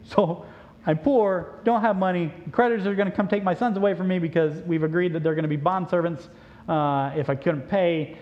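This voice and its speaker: A man voicing a poor widowed mother in a sermon story, in an animated storytelling manner, on a dull lo-fi recording. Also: sits high, a little fast, close to an everyday voice. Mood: anxious. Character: poor widowed mother, anxious then overjoyed.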